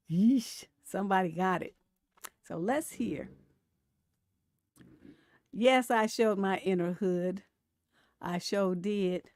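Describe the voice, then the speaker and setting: A woman's voice: lowish voice, darkish tone, no room sound, clean studio sound. A middle-aged woman, a relationship coach, hosting a casual live stream, telling stories bluntly with a lot of profanity and laughter. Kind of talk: casual livestream commentary.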